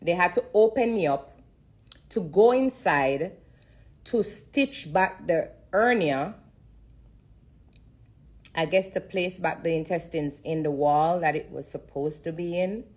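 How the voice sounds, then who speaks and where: Husky low-voiced woman testifying. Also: slow pace, pauses often, a little mellow. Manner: earnest, repetitive, fighting back tears. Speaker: livestreamer sharing a testimony. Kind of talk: emotional live-stream testimony. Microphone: phone on a social-media live.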